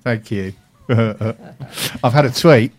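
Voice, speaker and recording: A man's voice: mid-range voice, very slow, darkish tone. Jokey male radio show host. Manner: jokey, teasing banter. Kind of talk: casual radio chat.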